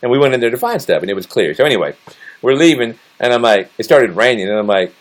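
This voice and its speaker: A man's voice: medium pitch, lively intonation, fast talker. Profane, rambling man on a livestream. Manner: profane, rambling and jokey, laughs often. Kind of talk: casual livestream chat.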